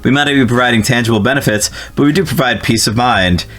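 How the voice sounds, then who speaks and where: A man's voice: medium pitch, fast, a bit bright, soft background music, natural voice. A man voicing a smug, shady middle-aged businessman as he reads game dialogue aloud. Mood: salesy.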